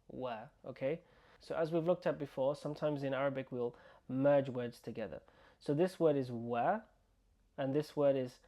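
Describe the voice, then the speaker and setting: A man teaching an online language lesson, slowly repeating words and sounds for the learner to copy. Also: medium pitch, warm tone. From United Kingdom. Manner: slow, repeating words and sounds to drill pronunciation. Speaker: Arabic teacher.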